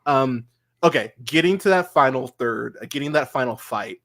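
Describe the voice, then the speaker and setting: A man co-hosting a movie podcast, chatting casually and rambling excitedly through film scenes with lots of fillers and laughter. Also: medium pitch, moderate pace. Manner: rambling, animated, laughs a lot, many "like" fillers. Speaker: podcast co-host. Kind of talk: casual film review chat.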